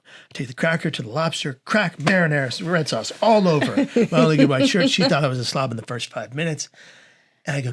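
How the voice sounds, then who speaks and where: A man in his forties telling a comic story as a guest, animated and acting out the voices of the people in it. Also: quick pace, husky. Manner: animated, acts out quoted voices with big pitch swings.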